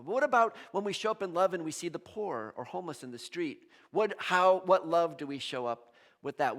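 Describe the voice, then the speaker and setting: With a fairly high voice, a man preaches animatedly as pastor of a church, performing quoted voices and trading jokes with the congregation.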